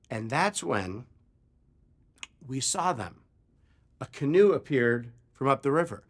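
Bright, animated preaching man. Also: medium pitch, measured pace, long pauses. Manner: animated, acts out shouts in his story. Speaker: pastor. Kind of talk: sermon storytelling. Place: church.

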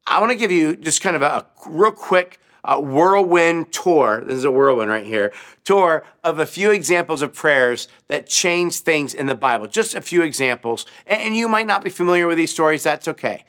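Man, preacher, bright forceful tone, slightly high pitch, animated storytelling sermon, questions to the audience. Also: moderate pace. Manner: animated, asks the audience questions, acts out crowd voices.

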